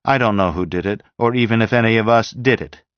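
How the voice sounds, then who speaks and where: A man voicing a brisk, take-charge group leader in an audiobook reading, with a clipped, businesslike manner and raised voice. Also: fairly low pitch, smooth, no room sound, pitched above the performer's own voice, close to an everyday voice. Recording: dull dry lo-fi sound.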